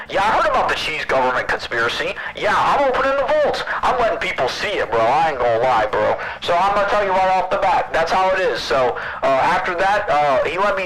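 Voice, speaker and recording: A man's voice: on the high side, voice pushed up, rough recording. A man putting on a boastful, swaggering mock male governor through a voice changer, talking in hammy rambling boasts.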